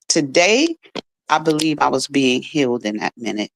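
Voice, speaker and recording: A woman's voice: extremely low pitch, very animated, moderate pace, gravelly. A middle-aged woman, a radio guest, telling a personal story in an earnest, emotional way. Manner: earnest, emotional, restarts often. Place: radio studio.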